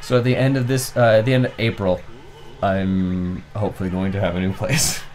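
A man's voice: deep voice, brisk, a little hiss or hum. A young man telling a long, profane anecdote while co-hosting a casual video-game playthrough. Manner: animated anecdote-teller, swearing freely. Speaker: let's play co-host. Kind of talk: casual storytelling over gameplay.

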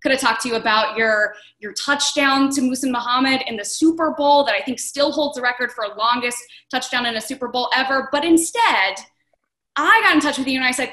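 A woman host with a high, bright voice chats and teases her guest playfully. The recording has a noticeably roomy echo around her. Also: brisk. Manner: chatty, playful teasing. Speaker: interview host. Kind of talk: hosted interview. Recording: roomy, echoey sound.

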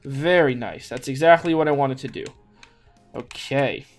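A man narrates his own gameplay, muttering to himself in a mid-pitched voice. He stumbles, repeats himself and breaks into sudden exclamations, while faint music plays underneath. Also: moderate pace. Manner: talks to himself with frequent restarts and exclamations. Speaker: gaming YouTuber. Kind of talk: let's play commentary. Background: faint background music.

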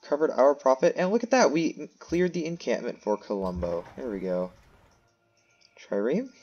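A man's voice: mid-range voice, sing-song, moderate pace, darkish tone, lo-fi sound, faint music behind. A man giving casual gameplay commentary, thinking aloud and making self-mocking asides. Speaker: let's play host.

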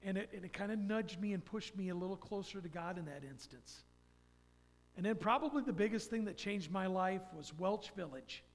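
50s guy rambling thru his testimony, kinda high voice, big churchy echo. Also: animated, moderate pace. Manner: folksy, rambling storytelling. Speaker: church member giving testimony. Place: church sanctuary. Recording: long church hall reverb.

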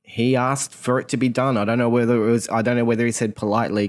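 A man's voice: mid-range voice, fairly even intonation, fairly quick. Earnest man, worked up. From Australia. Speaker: podcast co-host. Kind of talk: casual chat. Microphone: video call.

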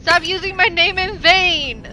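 A woman playing a video game with friends, protesting loudly and defensively in casual chat. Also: very high voice, a little slow, very noisy. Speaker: game player.

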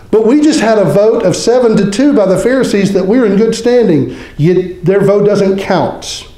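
A man preaching a sermon as pastor, joking and conversational, acting out quick mock voices. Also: high voice, lively intonation, dark tone, roomy sound, low-quality recording. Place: church sanctuary.

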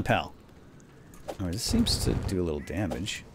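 A low-voiced man narrates his video game battle, his voice swinging widely between low mutters and high, excited yelps. Gunfire and game sounds clatter clearly behind him. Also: moderate pace, very noisy. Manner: excitable, exclaiming. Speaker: let's play host. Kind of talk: gameplay commentary.

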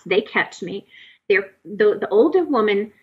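A woman tells her own story in a slightly husky voice, stopping and restarting as she goes. Her pitch sits at an ordinary middle height. The recording sounds a little dull and lo-fi. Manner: halting, many fillers and restarts, animated retelling. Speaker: guest telling her experience. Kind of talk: emotional personal storytelling.

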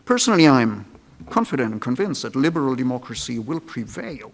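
A man delivering a formal public lecture, measured and deliberate, sometimes restarting a phrase. He speaks in a lecture hall. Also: mid-range voice, big pitch swings.

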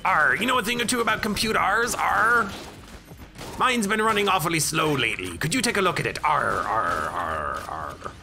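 A man's voice: fairly high pitch, big pitch swings, normal speed, gravelly, bright, forceful tone, voice pushed up, heavily acted. A man putting on a jokey cartoonish pirate voice, growling long "arr"s between lines. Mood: mock-pirate.

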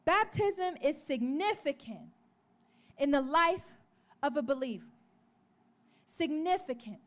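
Very high-voiced woman preaching a testimony. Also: takes it slowly. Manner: animated storytelling, acts out the voices in her story; calls out to the congregation. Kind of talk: sermon testimony. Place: church.

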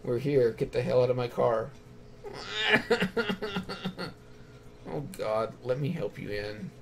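Playing through a story game, this male let's play gamer voices the dialogue and then picks a response. His gravelly, mid-range voice moves at a moderate pace, and background noise is audible.

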